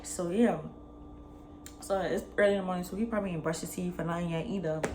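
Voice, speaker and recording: A young adult woman, telling a personal story in a slangy, animated way. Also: lowish voice, fast, noisy background. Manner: animated, slangy retelling, acts out both sides. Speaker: vlogger. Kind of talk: casual storytime.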